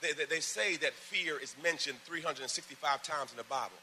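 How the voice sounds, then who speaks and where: A man preaching a sermon to a congregation in a church, calling for responses and building to loud, fervent emphasis between quieter asides. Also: on the high side, a little fast, slight background noise. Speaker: pastor.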